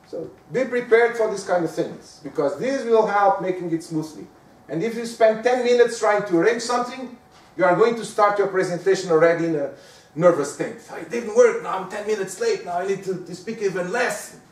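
High-voiced man lecturing. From Portugal. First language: Portuguese. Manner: lively, conversational, often asks the room "right?". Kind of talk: lecture on giving presentations. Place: lecture room. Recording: echoey lecture room, mic at a distance.

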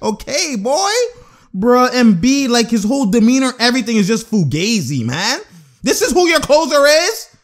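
This is a young man with a high-pitched voice doing casual reaction commentary over basketball footage. He is excitable and slangy, and he often breaks into laughter as he picks apart the plays. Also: moderate pace.

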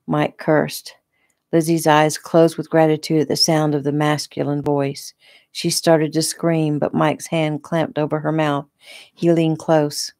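Low, gravelly woman reading her novel. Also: unhurried, dry recording, clean studio sound. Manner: relaxed, conversational reading. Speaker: author reading her own book. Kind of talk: casual audiobook narration. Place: home room.

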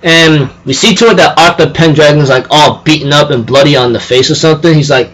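A man's voice: a little high, fairly quick, a bit bright, low-quality recording. A man casually recapping an anime episode, rambling with lots of fillers and repeated phrases. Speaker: anime reviewer.

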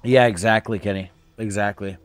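A man's voice: lowish voice, fairly even intonation, moderate pace, clear, resonant tone. A young man from California chatting casually and profanely with his viewers while he plays a game live. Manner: laid-back, profane slang, chatting with viewers. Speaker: streamer playing a horror game. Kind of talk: casual live-stream chat.

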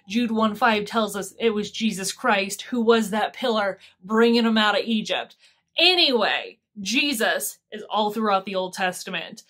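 A woman teaching a casual Bible study, retelling the story in a chatty, animated way with slang. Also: medium pitch, unhurried.

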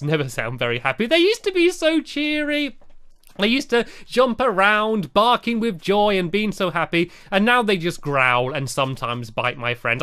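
Man, game commentary, excitable, very lively pitch, frequent fillers. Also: clean tone. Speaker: gaming video host. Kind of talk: playful let's-play commentary.

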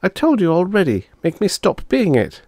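A fussy, suspicious little girl turned chicken whines in a high, lively voice, as a man puts her on. She complains and pleads with every line. The storybook voice sounds close and dry. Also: normal speed, no room sound, full character voice. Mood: whiny. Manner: whiny and complaining.

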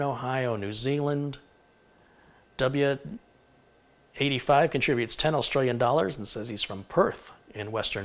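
A man of average pitch hosts a live tech stream, rattling off the towns and countries his viewers are watching from. He moves briskly down the list and stumbles now and then over an unfamiliar name. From Michigan. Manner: reads out place names briskly, stumbles over pronunciations. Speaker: tech livestream host. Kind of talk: live stream, reading viewer shout-outs.

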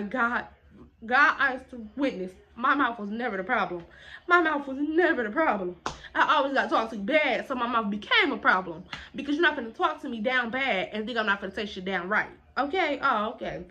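A woman vlogger telling a story to camera in a casual, animated, blunt and profane way, repeating phrases for emphasis. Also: on the high side, fast talker.

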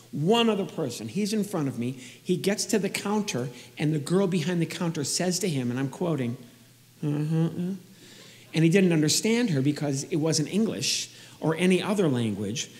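A man doing a stand-up comedy routine, telling animated stories and acting out the people in them. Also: on the high side, fairly quick. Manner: animated storytelling, acts out other people.

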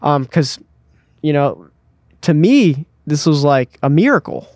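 A young man tells a tale from his past with lively, fast-shifting energy, full of fillers like "you know what I mean". His voice sits a bit high for a man and sounds close and dry, with no room echo. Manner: animated, acts out quotes with frequent "like" and "you know what I mean". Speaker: guest skateboarder. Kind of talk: casual storytelling.

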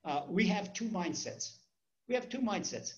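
A man's voice: sits high, expressive, moderate pace, highs cut off. A man, a rabbi, teaching a Torah class in a conversational way, repeating words as he tells stories.

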